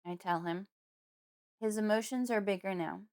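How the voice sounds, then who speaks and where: A woman giving measured first-person narration of a horror audiobook. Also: medium pitch, steady tone, darkish tone, clean tone. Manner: measured, storytelling.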